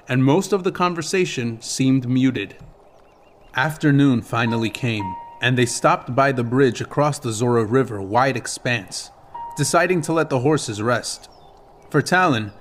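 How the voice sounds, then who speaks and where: Reading scripted text from a fantasy novel, this audiobook narrator speaks at a medium pitch, keeping his delivery even and deliberate.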